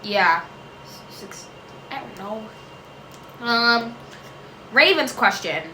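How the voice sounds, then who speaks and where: A woman's voice: a little high, animated, very slow, pushed and bright, reverberant, a little hiss or hum, rough recording. A woman answering viewer questions in a casual chat, rambling, often losing track, correcting herself and laughing.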